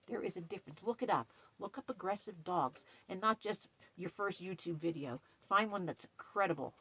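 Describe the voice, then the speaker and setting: A middle-aged woman camp host in a casual vlog, upset and shaky, talking emphatically in a dark trailer. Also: on the low side, a little hiss or hum. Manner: upset, emphatic, retells quarrel with stern quoted lines. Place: dark trailer at night with ring light.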